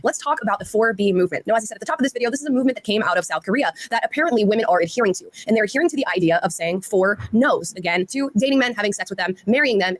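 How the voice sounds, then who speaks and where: A woman presenting a scripted online commentary in a brisk, presenter-like manner, played as a clip. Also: medium pitch.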